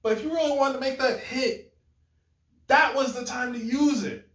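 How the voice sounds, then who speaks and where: Animated high-voiced man in an echoey room. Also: moderate pace. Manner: animated, rambling, self-correcting, acts out lines of dialogue. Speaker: gaming commentator. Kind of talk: casual video game critique.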